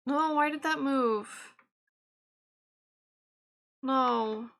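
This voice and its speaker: A woman's voice: high-pitched, very slow, gravelly, fairly bright tone. A woman streamer talking to herself while she works, exasperated and laughing at her own mistakes. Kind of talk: live-stream self-talk while animating.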